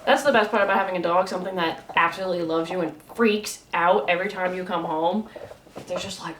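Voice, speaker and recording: A woman's voice: fairly low pitch, steady tone, fast talker, a bit bright, slight background noise. A woman in her twenties speaking in a documentary interview, emphatic and casual, filling her speech with "like" and swearing when she gets upset. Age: 20s.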